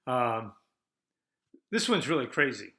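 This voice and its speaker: A man's voice: medium pitch, takes it slowly. Brash older male podcast host. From United States. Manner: combative, rhetorical, lively ups and downs. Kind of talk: opinion podcast monologue.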